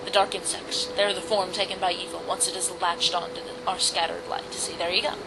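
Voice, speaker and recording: A woman's voice: fairly low pitch, little pitch movement, fairly quick, rough recording. A woman giving casual, jokey commentary while playing a video game. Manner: chatty, jokey, self-mocking. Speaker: let's play commentator. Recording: loud game music behind.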